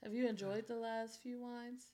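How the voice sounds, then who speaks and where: A woman's voice: on the high side, fairly even intonation, normal speed, mellow. A woman hosting a casual podcast chat, blunt and laughing, swearing freely. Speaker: podcast host.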